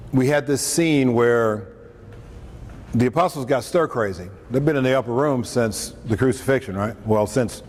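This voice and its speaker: Man preacher, mid-pitch, casual joking delivery; recorded in a reverberant hall with faint ambience. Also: a little mellow. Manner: conversational, joking asides, acts out quotes. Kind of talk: lunchtime talk on scripture. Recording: echoey hall, faint room noise, mic at a distance.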